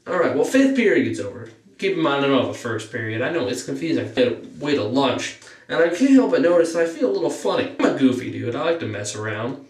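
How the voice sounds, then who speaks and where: Talking at a quick pace, a teenage boy vlogs a story to the camera, recorded from a distance in a reverberant space. His delivery is casual and rambling, every gap filled with "you know," his nose slightly stuffy, and his pitch leaps up when he gets excited.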